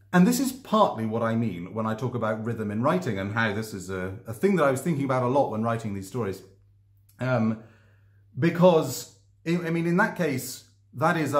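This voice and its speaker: A man talking about his own writing to camera, thoughtful and hesitant, with many ums and restarts. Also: medium pitch. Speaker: author discussing his writing. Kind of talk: casual explanatory vlog. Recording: echoey room.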